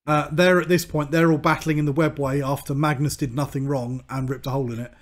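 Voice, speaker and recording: A man's voice: fairly high pitch, flat delivery, quick pace. A man co-hosting a casual podcast, chiming in with side details. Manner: chatty, adds side details. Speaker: podcast co-host. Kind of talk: casual lore chat.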